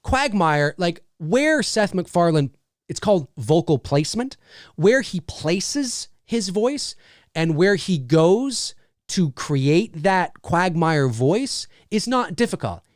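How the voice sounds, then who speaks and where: Male livestream host, animated and rambling, lively pitch, close and dry. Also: slow, dry recording. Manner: animated, rambling, with many restarts and fillers. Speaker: host and voice actor. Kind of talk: casual livestream chat.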